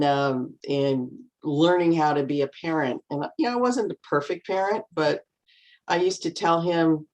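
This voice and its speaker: Middle-aged woman, low voice, calm storyteller guest, does little voices for quotes. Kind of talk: casual storytelling chat.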